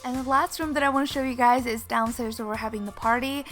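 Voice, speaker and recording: Bright, upbeat woman vlogger. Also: a little high, steady tone, fast. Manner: gushing, upbeat and chatty. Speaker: lifestyle vlogger. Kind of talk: casual vlog narration. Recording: faint background music.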